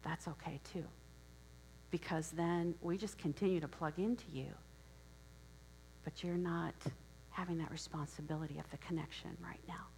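A woman's voice: sits low, steady tone, moderate pace, pauses often, a little mellow, a little hiss or hum, low-quality recording. A woman from Wisconsin giving a sermon, telling a story conversationally with asides and questions to listeners. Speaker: preacher.

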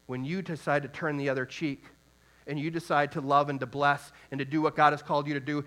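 Male preacher, higher register, earnest sermon delivery with scripture quotes and rhetorical questions. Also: little pitch movement. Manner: swells from soft, slow reflection to loud emphatic urging.

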